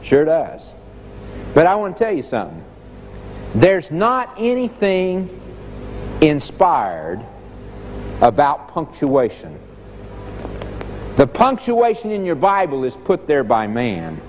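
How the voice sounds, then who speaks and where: A man's voice: on the high side, wildly swooping pitch, slow, long pauses, a little mellow. A man preaching a sermon, emphatic, with dramatic rises and falls in his voice. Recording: echoey hall, dull lo-fi sound, faint noise.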